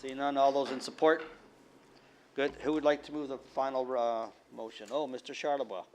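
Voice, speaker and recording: Brisk man chairing a committee meeting. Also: medium pitch, fairly even intonation, slight background noise. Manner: brisk procedural.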